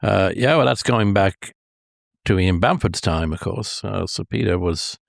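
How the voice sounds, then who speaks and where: Older Irish guest, deep-voiced, spins long hesitant anecdotes. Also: male voice, unhurried, creaky, dry recording, clean studio sound. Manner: rambling, many hesitations, chuckles at his own stories. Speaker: golf historian guest. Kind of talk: anecdotal storytelling interview.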